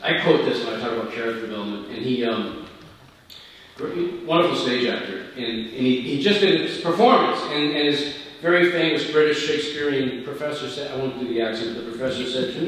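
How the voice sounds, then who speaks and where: A man answering audience questions after a reading, candid and chatty with easy laughter. His voice sits at an everyday middle pitch. It comes from a distance in a large hall with a long, ringing echo and faint background hiss. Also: expressive, a little fast, fairly bright tone. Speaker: author taking audience questions. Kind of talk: casual talk after a reading. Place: festival hall. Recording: echoey hall from far off.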